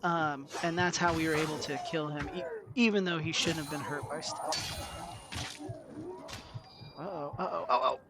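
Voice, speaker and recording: High-voiced man streaming gameplay. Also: moderate pace, background noise. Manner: expressive, self-deprecating, talks to chat. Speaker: game streamer. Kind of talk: live gameplay commentary. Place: home room, indoors.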